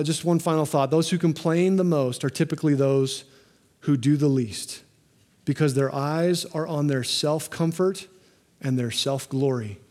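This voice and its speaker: A male pastor in his forties with a fairly high voice, preaching in a lively, animated way. He acts out quoted lines with energy, then drops to a hushed, earnest tone to pray. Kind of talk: sermon.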